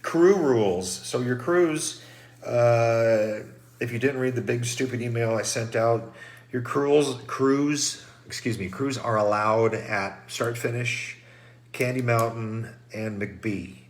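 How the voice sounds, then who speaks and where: A man's voice: mid-range voice, takes it slowly. A middle-aged man, stuffed up from trail dust, giving a casual, rambling pre-race briefing with many fillers and restarts. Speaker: race director.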